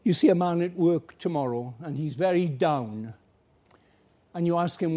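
A man's voice: a little high, moderate pace, dark tone. A male preacher giving an earnest, pleading evangelistic sermon, acting out little everyday dialogues.

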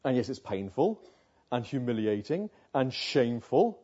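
Brief: male preacher, dark husky voice, earnest sermon delivery. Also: medium pitch, sing-song, moderate pace. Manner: earnest, rhetorical questions, builds to emphatic passages. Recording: muffled lo-fi sound.

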